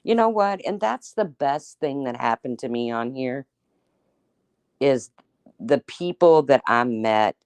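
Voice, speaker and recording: A woman's voice: a bass voice, lively intonation, slow, darkish tone, clear, resonant tone, dry recording. Chatty woman livestream host, dry sound. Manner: chatty and teasing, often laughing, addresses viewers by name. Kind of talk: casual livestream chat reading viewer comments.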